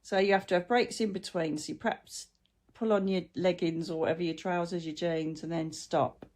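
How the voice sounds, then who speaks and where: A woman's voice: on the low side, steady tone, normal speed. Chatty woman vlogging. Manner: chatty, rambling, warm-hearted anecdotes. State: chronic illness, brain fog. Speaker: spiritual channel host. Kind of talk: casual heartfelt vlog chat.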